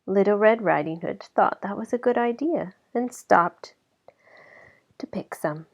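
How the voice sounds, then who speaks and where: Gravelly-voiced woman reading a storybook. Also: mid-range voice. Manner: expressive, slowed for effect. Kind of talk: storybook read-aloud. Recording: slightly dull lo-fi recording.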